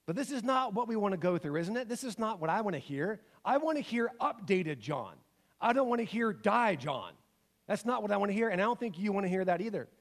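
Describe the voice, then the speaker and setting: Male pastor, higher voice, animated preaching with rhetorical questions and loud-to-hushed swings. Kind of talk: sermon.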